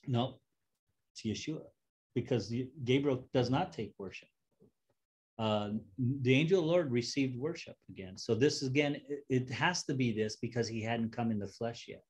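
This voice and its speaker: A man's voice: mid-range voice, normal speed, a little mellow, husky. A man teaching a Bible study, reading scripture aloud and stopping to joke and explain it in a casual way.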